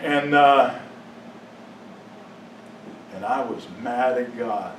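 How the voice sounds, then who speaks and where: A man giving a personal testimony to a congregation, telling his story with emotion, sometimes dropping to a hushed, halting voice and sometimes rising to impassioned outbursts. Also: medium pitch, slight background noise. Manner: drops to a hushed, halting voice at painful moments. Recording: echoey room, mic at a distance.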